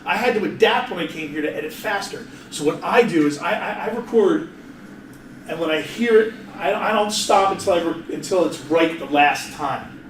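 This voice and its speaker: A man's voice: fairly high pitch, moderate pace, a little hiss or hum. A man giving a live workshop presentation in an office meeting room, chatty and jokey, often restarting his sentences and laughing. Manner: casual, chatty, self-interrupting with frequent restarts. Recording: roomy, distant mic, faint ambience.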